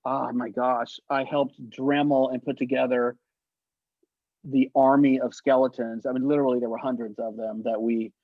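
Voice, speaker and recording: A man telling show-business stories as an interview guest, in a lively way, acting out the voices he quotes. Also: medium pitch, normal speed, no echo. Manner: animated anecdotes, acts out quoted voices, laughs often. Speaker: guest, actor and effects artist. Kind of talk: casual storytelling interview. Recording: dull, lo-fi sound.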